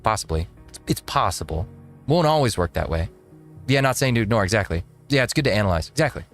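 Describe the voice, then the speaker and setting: A man's voice: lowish voice, animated, quick pace, soft background music. A man hosting a casual live-stream, reacting to a video with rambling talk and frequent laughs. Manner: rambling, laughs often, restarts.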